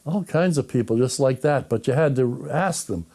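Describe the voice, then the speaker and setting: Older man, mellow voice, anecdotal interview storytelling. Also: medium pitch, expressive, normal speed. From Canada. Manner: anecdotal, acts out remembered dialogue. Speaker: guest.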